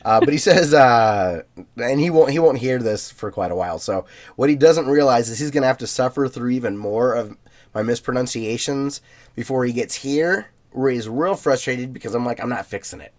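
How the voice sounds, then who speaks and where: A man co-hosting a podcast in a relaxed way, reading out listener emails with plenty of fillers and easy laughs. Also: medium pitch, moderate pace. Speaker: podcast co-host.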